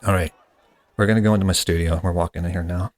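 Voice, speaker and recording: Male comedy podcast host, exasperated and casual, fairly low voice. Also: fairly even intonation, fast talker, a little mellow. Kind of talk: comedy sketch.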